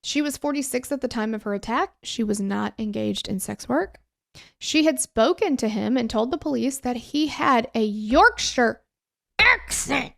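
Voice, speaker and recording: A woman co-hosting a true crime podcast, telling the case in a casual, animated way with exasperated asides. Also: a little high, moderate pace, gravelly. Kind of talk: casual conversational storytelling.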